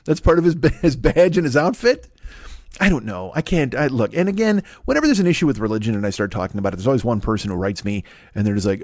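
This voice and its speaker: A man's voice: medium pitch, sing-song, fast, a little mellow, no echo, studio quality. A man doing a rambling, profane comedy monologue. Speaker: stand-up comedian.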